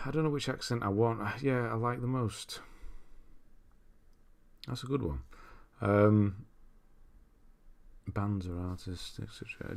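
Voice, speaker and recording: Casually hosting a livestream, a young man from Britain reads out viewer comments, chats loosely, and laughs often. His voice is lowish with a darkish tone.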